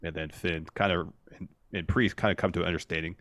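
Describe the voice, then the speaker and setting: Deep-voiced man recapping plainly. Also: fairly even intonation, fast talker, fairly bright tone, dry recording, clean studio sound. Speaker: podcast co-host. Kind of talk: casual recap chat, narrating events.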